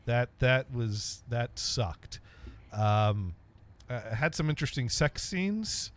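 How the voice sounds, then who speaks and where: A man's voice: medium pitch, lively intonation, slow pace. A man hosting a casual podcast chat, rambling and stammering with lots of ums and uhs. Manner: rambling, stammering with many fillers. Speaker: podcast host.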